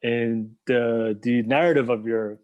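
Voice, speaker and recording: A man hosts a casual podcast interview at a middle pitch. He rambles, circling back and restarting his sentences as he builds up to a point. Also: steady tone, measured pace, darkish tone, highs cut off. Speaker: podcast host.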